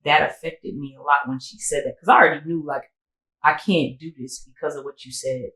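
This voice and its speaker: A young woman co-hosting a podcast, telling a personal story in a slangy, candid way and jumping higher in pitch when she quotes people. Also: fairly even intonation, brisk, bright, forceful tone, echoey room, poor audio. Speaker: podcast co-host. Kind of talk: casual storytelling.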